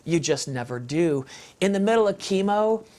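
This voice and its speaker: A man's voice: sits high, expressive, normal speed, a little mellow. A man speaking as an interview guest in an impassioned, emphatic, preacher-like way about faith and family.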